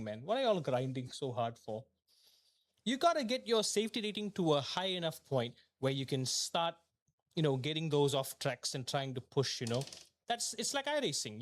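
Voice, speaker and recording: A young man, streaming a sim race and venting aloud in repeated questions and mumbled asides. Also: fairly high pitch. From Malaysia. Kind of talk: live gaming stream commentary.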